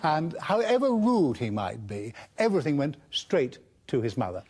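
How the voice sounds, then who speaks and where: A man in a documentary interview, recalling a colleague in an animated way and mimicking voices as he goes. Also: fairly high pitch, normal speed, noisy background.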